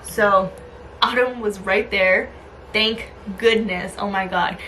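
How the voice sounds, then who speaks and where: A young adult woman telling a story in a casual vlog, chatty and animated, with lots of "like" and "um". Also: mid-range voice, takes it slowly, slight background noise, low-quality recording. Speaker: lifestyle vlogger.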